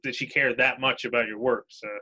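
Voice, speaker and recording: A man's voice: mid-range voice, flat delivery, a little fast, sharp tone, husky, poor audio. A man interviewing a guest in a casual chat, agreeable and reflective.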